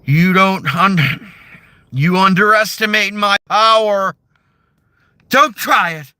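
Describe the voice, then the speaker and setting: A man playing a heartbroken young Jedi knight, shouting in a strained voice pitched far above his own. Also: slow pace, clean tone, no echo, heavily acted. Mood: anguished.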